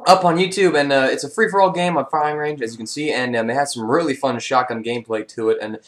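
A man's voice: medium pitch, fast talker. A young man, a gaming YouTuber, chatting casually over gameplay in a rambling way with many fillers.

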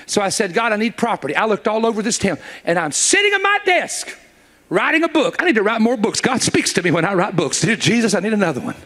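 A middle-aged man preaching a sermon, telling a story, acting out the dialogue and building up to shouts. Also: high-pitched, sing-song, quick pace.

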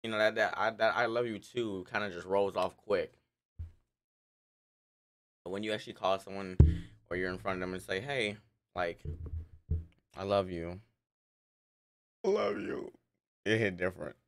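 A man's voice: low voice, a little fast, pauses often, a little hiss or hum. A young man hosting a casual reaction video, chatting animatedly about what he watches. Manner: animated, chatty, breaks into laughs.

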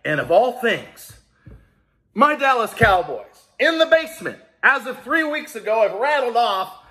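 A man's voice: very high voice, big pitch swings, unhurried, bright, forceful tone. A man hosting a small business video blog, talking straight to viewers in a hyped, rallying way that turns emotional. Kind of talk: casual emotional vlog.

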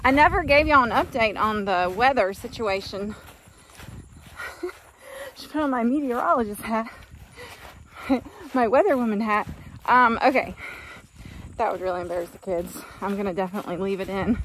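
Chatty farm woman, bright-pitched. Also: lively intonation, normal speed, long pauses, slight background noise. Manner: chatty, folksy, rambling. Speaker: farm vlogger. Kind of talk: casual vlog chat. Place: outdoors on a farm.

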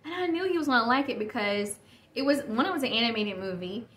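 Talking fast with an expressive, fairly bright voice on the high side, a woman in her thirties hosts a solo podcast. She's chatty and rambling, frequently correcting herself, recorded in an echoey room with faint noise.

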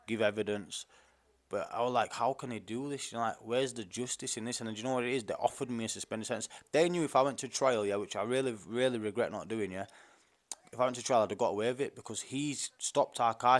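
A young adult man, talking straight to listeners in an indignant, rambling rant full of street slang and repeated words. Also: mid-range voice. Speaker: podcast host. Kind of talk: casual monologue.

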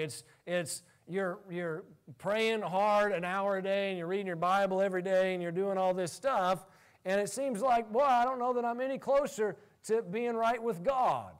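A male pastor preaching a sermon in an animated way, laughing often as he talks. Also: high-pitched.

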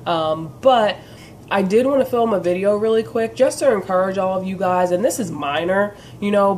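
A woman's voice: on the low side, darkish tone, slight background noise. A woman vlogging to camera in an earnest, encouraging way. Her voice sounds congested and nasal from a sinus problem, and she fills her talk with "um" and "you know". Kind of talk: casual direct-to-camera chat.

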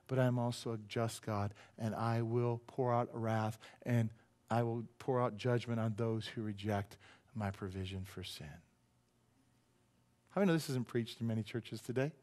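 A man, a pastor, preaching a casual, joking sermon in a church and acting out quoted voices with big jumps in pitch. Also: moderate pace. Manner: joking and conversational, teases the audience. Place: church sanctuary.

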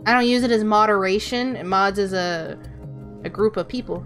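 A woman's voice: medium pitch, moderate pace, music in the background. A woman VTuber streaming a game, chatting casually with her chat, answering questions and swearing offhand. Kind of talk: casual livestream chat while gaming.

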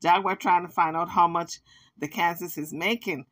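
Bright-voiced, sassy woman telling a story. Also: on the low side, moderate pace. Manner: animated, sassy storytelling with acted-out quotes. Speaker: commentator. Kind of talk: casual commentary vlog.

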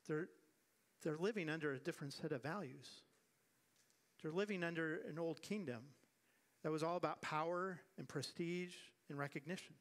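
Animated male pastor preaching a sermon. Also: fairly high pitch, normal speed, long pauses. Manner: animated preaching with acted-out quotes and repeated refrains. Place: church sanctuary.

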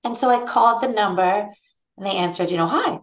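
A woman's voice: medium pitch, a little fast. A woman guest in a podcast interview who tells anecdotes animatedly and acts out the voices in them. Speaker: guest ethnobotanist. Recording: dull lo-fi sound.

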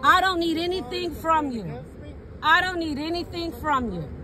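A woman's voice: very high voice, lively intonation, moderate pace, pushed and bright, some chatter behind. A woman recording a police encounter on her phone outdoors at night, angry, repetitive and swearing. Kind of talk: angry confrontation filmed on a phone. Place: outdoors in a parked car at night.

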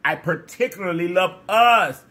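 A man's voice: sits high, a little slow, sharp tone. A man vlogging casually to his viewers while eating, effusive and repetitive, sometimes talking with his mouth full. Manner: effusive, repeats phrases, talks with food in mouth. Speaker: mukbang vlogger.

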